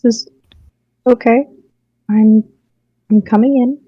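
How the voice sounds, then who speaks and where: A woman playing a tabletop game, chatting and quickly explaining her character's choices. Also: a little high, fairly even intonation, breathy edge, dry recording, highs cut off. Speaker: player. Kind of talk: casual tabletop game play.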